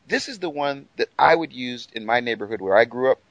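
Lively, excitable man with a dry sound. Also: mid-range voice, brisk, dry recording, rough recording. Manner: enthusiastic, animated, laughs often. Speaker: co-presenter. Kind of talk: radio Bible discussion.

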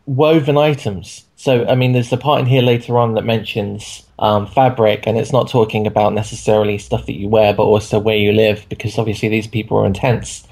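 A man's voice: fairly low pitch, level tone, a little fast, hardly any pauses, darkish tone. A man co-hosting a casual discussion, thinking aloud with hesitant fillers. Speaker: co-host.

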